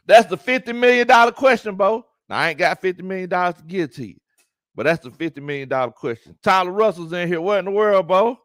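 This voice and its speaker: A man hosting a live sports talk stream, animated, laughing often and greeting his chat. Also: mid-range voice, no echo, studio quality. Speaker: sports talk show host.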